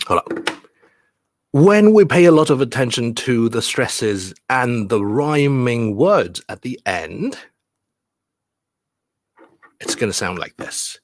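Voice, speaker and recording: A man's voice: medium pitch, big pitch swings, slow, long pauses. A man, teaching stress and rhyme through a bedtime story on a livestream, patient and step by step. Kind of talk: bilingual livestream lesson and bedtime story reading.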